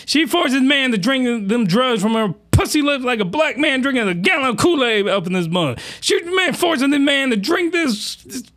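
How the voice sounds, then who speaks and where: High, lively man ranting crudely. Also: normal speed, hardly any pauses. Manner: rowdy, slangy, exaggerated outbursts. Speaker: commentary host. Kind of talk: crude comedic reaction commentary.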